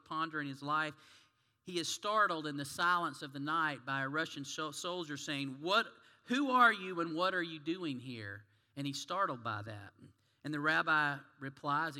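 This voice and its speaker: This pastor's voice sits a little high and sounds sharp as he delivers his sermon. He tells stories and asks the congregation questions, and the sanctuary adds a long hall reverb.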